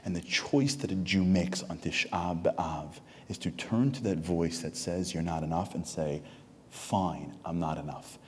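A man giving an inspirational sermon in a synagogue, telling stories with rising, animated energy. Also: low voice, moderate pace, few pauses, big-room sound. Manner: storytelling, builds to loud animated peaks. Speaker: speaker at a Tisha B'Av program. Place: synagogue hall.

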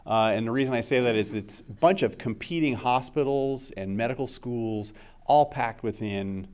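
A man's voice: medium pitch, moderate pace, darkish tone, smooth. A middle-aged man giving a scientific seminar talk as the invited speaker, conversational and full of uh and um fillers.

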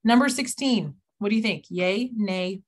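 A woman's voice: medium pitch, measured pace. Woman math teacher, live class, playful and teasing. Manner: playful, teasing, mimics students in quotes.

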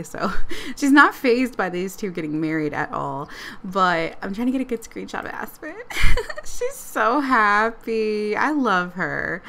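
A woman casually narrating her life-sim game play, excited and giggly. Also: mid-range voice. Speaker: let's play creator.

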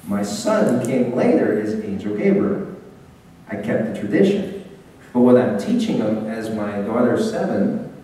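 A man giving a lively business seminar talk, speaking directly to his audience and pushing his voice out. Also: medium pitch. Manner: animated, projecting, talks straight to the audience. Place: seminar hall. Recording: echoey hall, taped from far off.

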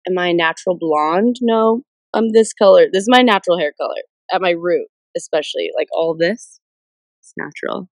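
A young woman in her twenties with a bit of a cold, chatting excitedly on a livestream and answering viewer comments. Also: fairly low pitch, a little fast, no echo. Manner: bubbly, excitable, jumps between viewer shoutouts. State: stuffed up with a cold. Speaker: livestream host. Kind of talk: casual livestream chat reading comments. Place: in a car. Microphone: phone camera.

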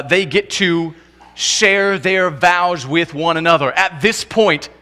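Pastor guy preaching in church, kinda high bright voice, gets loud then drops real quiet. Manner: animated, shifts from loud emphatic to quiet and low; acts out couples' lines in quick comic voices. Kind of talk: sermon.

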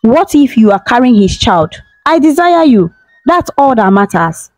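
A woman's voice: on the high side, very animated, a little slow, a little mellow, no room sound, faint music behind, poor audio. A woman voicing a lecherous, arrogant young prince who bullies and sneers, in a storybook telling. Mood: smug. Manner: smug, bullying.

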